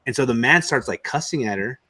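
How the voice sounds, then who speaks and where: A man with a Texan accent hosts a casual conversation among friends. He talks in a storytelling way, animated and easygoing, often dropping a friendly "man.". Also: mid-range voice, quick pace. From Texas. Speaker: podcast host. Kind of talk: casual chat.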